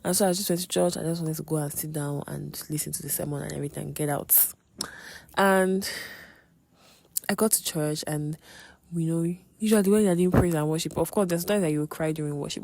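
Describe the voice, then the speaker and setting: A woman's voice: on the low side, brisk, creaky, a little mellow, dry recording. Woman sharing an emotional testimony. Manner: emotional, candid storytelling with dramatic asides. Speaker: podcast host. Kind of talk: personal testimony monologue.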